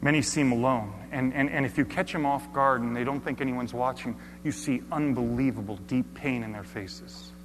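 A man preaching a dramatic sermon, telling a first-person story with slow emphatic phrasing and drops to near-whispers. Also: mid-range voice. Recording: hall reverb with faint hum.

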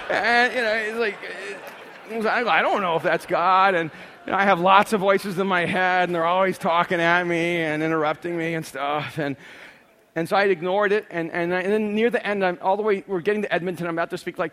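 A man telling stories in a sermon, acting out dialogue with lots of energy and repeating words as he starts sentences. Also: a little high. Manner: animated storyteller, acts out dialogue. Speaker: speaker. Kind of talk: storytelling sermon.

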